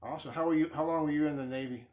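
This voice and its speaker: A man's voice: fairly high pitch, fairly even intonation, racing, darkish tone. A middle-aged man chatting casually with live viewers while sanding wood on a lathe in his workshop, rambling and reading their comments aloud. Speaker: woodworker streaming live. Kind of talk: casual chat while working. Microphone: phone.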